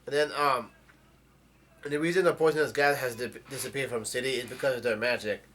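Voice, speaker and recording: Halting man recapping a comic chapter. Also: mid-range voice, fairly even intonation, fairly bright tone. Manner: halting, many ums and uhs and restarts. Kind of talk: casual spoken plot summary.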